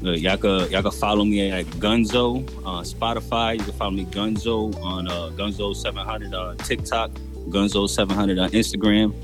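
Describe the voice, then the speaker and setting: A man's voice: on the low side, fairly even intonation, normal speed, over music. A man from New Jersey, a rapper guest in a casual interview, laid-back and filling his talk with "you know.". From New Jersey, USA.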